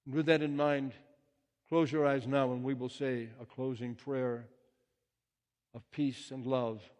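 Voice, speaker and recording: A man giving a gentle, reflective sermon as a minister, reading poems and quotations aloud. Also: medium pitch, level tone, a little slow, pauses often. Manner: gentle, reflective, reads quotes and poems with rising intensity. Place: church sanctuary. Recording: long reverb of a large hall.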